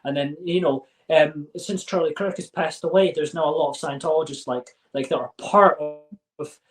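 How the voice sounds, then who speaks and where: A man as an interview guest, talking casually in a halting way with many fillers and restarts, then bursts of quick talk. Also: fairly high pitch, poor audio.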